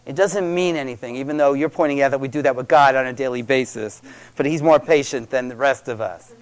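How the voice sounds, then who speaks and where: A man's voice: mid-range voice, fairly quick. A middle-aged man speaking to a live audience about parenting, conversational and emphatic, repeating key words for stress.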